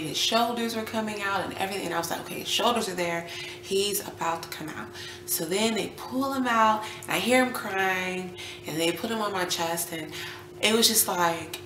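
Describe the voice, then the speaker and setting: Her voice on the low side, a young new mom vlogs casually about something that happened to her, acting out people's words with animation and occasionally dropping to almost a whisper. Slight background noise, faint ambience, and room echo fill the recording.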